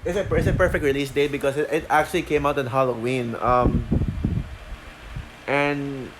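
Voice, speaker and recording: A man talking through a show review off the cuff, halting with many fillers and restarts, short of breath. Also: mid-range voice, steady tone, noisy background. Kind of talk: unscripted review talk.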